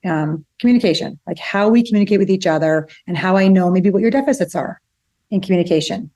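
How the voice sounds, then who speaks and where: A middle-aged woman co-hosting a podcast, talking in a quick, chatty run. Her pitch sits in an ordinary middle range. She keeps a casual, conversational tone while explaining ideas. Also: warm tone. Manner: fast, chatty, retells stories acting out both sides. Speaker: podcast co-host, relationship psychologist.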